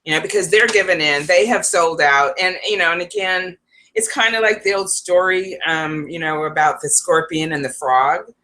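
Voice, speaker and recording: Bright-voiced woman psychic rambling. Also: fairly low pitch, fairly even intonation, moderate pace, slight background noise. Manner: rambling, laughs often, talks to viewers. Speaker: psychic advisor. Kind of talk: casual rambling vlog talk.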